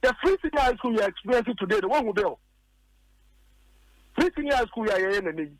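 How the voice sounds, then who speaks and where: A man's voice: high voice, expressive, fast, no echo, rough recording. A man with a Ghanaian accent, a political commentator arguing emphatically on a radio talk show and hammering his points by repeating them.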